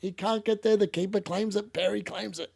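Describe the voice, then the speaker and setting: A man calls a football match live for his viewers, loud and excitable. His voice sits high and carries a gravelly rasp. He yells at missed chances and teases the players without mercy. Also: fairly quick. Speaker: watchalong streamer. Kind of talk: live match commentary and reaction.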